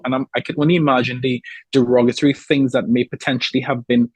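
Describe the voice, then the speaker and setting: A man talks as a podcast guest, slipping into the voices of the people in his workplace stories. His voice is husky and breathy. The sound is close and dry, with no room around it. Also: mid-range voice, fast, no room sound. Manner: animated storyteller acting out quoted people. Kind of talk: casual interview chat.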